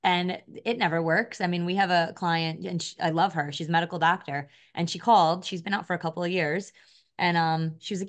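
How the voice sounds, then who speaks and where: A woman's voice: lowish voice, fairly even intonation, brisk. A woman co-hosting a podcast, chatty and upbeat as she interviews a guest. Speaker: podcast co-host.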